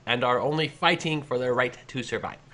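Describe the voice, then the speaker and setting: A man co-hosting an improvised comedy show, tossing in deadpan comebacks. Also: medium pitch, brisk. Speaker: co-host.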